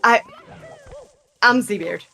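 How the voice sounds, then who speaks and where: A woman with a slight lisp commentating a live speedrun stream from a booth, chatty and quick to laugh. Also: mid-range voice, creaky, sharp tone, soft background music. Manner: chatty, laughs often, restarts phrases.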